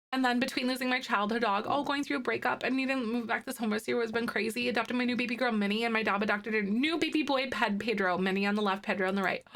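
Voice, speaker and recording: A woman's voice: fairly high pitch, fast talker, gravelly, few pauses. A young woman, chatting casually on a live stream and reading viewer comments, gushing and cooing over pet photos. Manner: gushing, excitable, coos over pets.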